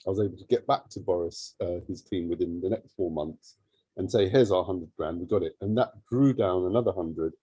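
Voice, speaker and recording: A man who heads a charity tells a story in an interview, lively and acting out remembered dialogue. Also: deep voice, a little fast, slightly rough, no room sound, low-quality recording. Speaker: charity CEO.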